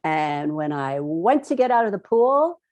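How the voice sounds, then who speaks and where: Woman co-host, lively storyteller, lots of pitch movement, laughs and acts out quotes. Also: measured pace. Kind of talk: casual chat, storytelling.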